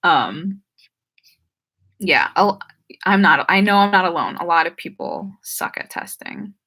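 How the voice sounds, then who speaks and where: A woman's voice: fairly low pitch, animated, measured pace, bright, forceful tone, slightly rough. A young woman with a New Jersey and Philadelphia accent, chatting casually while she answers viewer questions on a live stream. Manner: chatty, frequent "like" and "um", trips over words. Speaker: YouTuber hosting a live stream Q&A.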